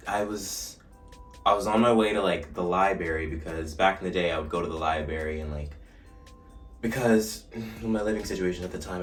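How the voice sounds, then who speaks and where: Young male vlogger, deep bright voice, roomy echo with faint music behind, animated storyteller. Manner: animated storytelling, shouting re-enacted lines. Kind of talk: casual storytime while doing a routine. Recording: echoey room, mic at a distance, faint music.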